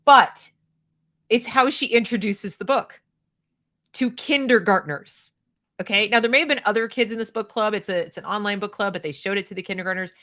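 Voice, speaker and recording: A woman's voice: medium pitch, brisk, a bit bright. An American woman giving opinionated commentary, sarcastic and mocking the clips she reacts to. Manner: sarcastic, mocks quoted clips.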